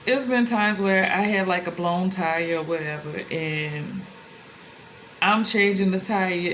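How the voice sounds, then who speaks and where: A young woman telling personal stories to the camera in a loose, conversational way, with animated exclamations. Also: on the low side, slight background noise. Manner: animated, with rising exclamations when quoting others; loose and conversational, with many fillers and restarts. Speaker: vlogger.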